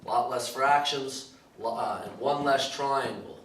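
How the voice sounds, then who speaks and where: A man's voice: medium pitch, slow pace, fairly bright tone, recorded from a distance. A man teaching a math lesson, working through problems step by step with frequent "okay" and "all right" checks. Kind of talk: recorded math lesson walkthrough. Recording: echoey room, voice somewhat off-mic, clear background noise.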